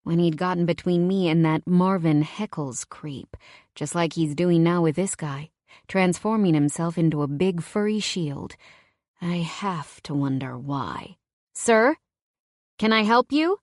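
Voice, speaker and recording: A woman narrating a first-person romance audiobook in a wry, conversational, expressive way. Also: low voice, measured pace, dry recording, clean studio sound.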